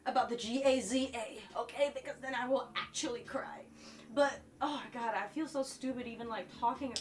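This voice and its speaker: A woman's voice: fairly high pitch, normal speed, slight background noise. Emotional, chatty woman streamer. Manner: emotional, filler-heavy talk, swinging between tearful and giggly. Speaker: live streamer. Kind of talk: casual live-stream chat with viewers.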